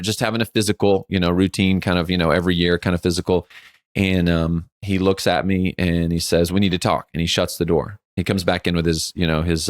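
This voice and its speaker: This podcast co-host, a man in his forties, is an animated storyteller in casual chat who acts out quotes and uses "like" a lot. His voice sits low, and the recording is dry with clean studio sound.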